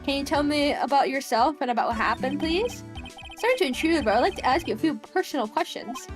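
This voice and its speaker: An earnest young lawyer speaking politely and carefully, as a woman reads his lines. The voice is fairly high, with soft game music in the background. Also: animated, a little fast.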